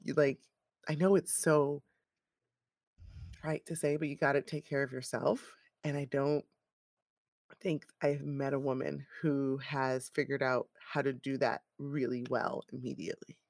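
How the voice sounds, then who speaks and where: Woman, 30s, mom co-host. Gravelly, dry-miked, animated storyteller who laughs often. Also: very deep voice, a little slow, dry recording. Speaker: podcast co-host. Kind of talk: casual chat.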